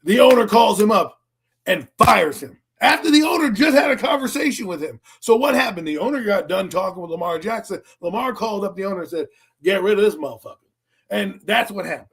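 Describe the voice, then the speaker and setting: Animated husky-voiced man telling stories. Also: high voice, a little fast. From Philadelphia area, US. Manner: animated storytelling, profane. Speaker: podcast co-host. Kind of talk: casual sports talk.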